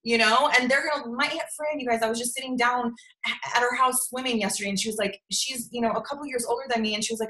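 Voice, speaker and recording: On a video call, a young woman who leads a sales team gives an emphatic motivational talk, often asking "okay?" and saying "you guys." Her voice is on the high side, bright and forceful, quick but fairly even in intonation, with an echoey room and poor audio.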